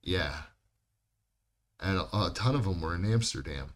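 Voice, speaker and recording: Very deep-voiced man telling road stories. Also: animated, measured pace. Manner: rambling, swears a lot. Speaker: podcast co-host. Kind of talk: casual chat.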